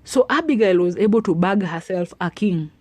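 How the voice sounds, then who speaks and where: A woman giving preachy, animated advice to women and retelling a Bible story. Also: fairly low pitch, moderate pace, no echo. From Africa. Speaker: advice vlogger. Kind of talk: motivational talk to women.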